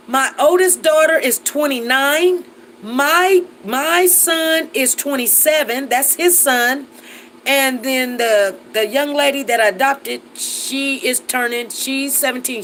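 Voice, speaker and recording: Reading out viewer comments on a relaxed live chat, this forties-aged woman laughs frequently and chats in Southern Black American vernacular. Her voice is high and fairly bright, captured on a rough recording with slight hiss or hum.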